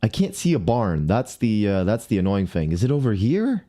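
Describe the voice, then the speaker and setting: A man's voice: lowish voice, very animated, moderate pace, dark tone. A man livestreaming a game, talking to himself and greeting viewers, mildly exasperated as he searches around. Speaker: streamer. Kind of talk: casual live game commentary.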